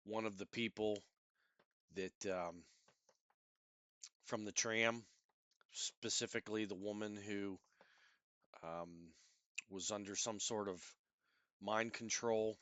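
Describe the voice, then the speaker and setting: Man player, low voice, very slow, bright tone. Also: steady tone, no echo. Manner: halting, with pauses. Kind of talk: tabletop game role-play.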